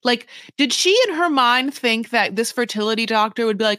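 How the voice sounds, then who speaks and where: A woman's voice: fairly high pitch, moderate pace, sharp tone, no room sound, clean studio sound. A woman co-hosting a podcast, recapping a reality show in a rambling, sarcastic chat full of "like" and "you know". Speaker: podcast co-host.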